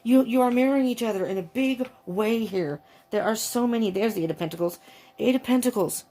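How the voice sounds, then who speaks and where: A woman doing a tarot reading, talking in a gushing, excitable way, often breaking off with exclamations and restarting her sentences. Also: a little high, a little fast. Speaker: tarot reader.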